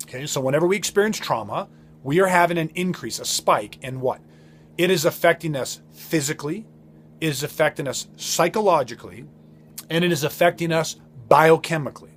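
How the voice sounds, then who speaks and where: A man with a somewhat high voice speaks as a podcast host. He talks earnestly and with emphasis. He often repeats and restarts words as he works through his points. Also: fairly bright tone, slight background noise. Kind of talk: motivational podcast talk.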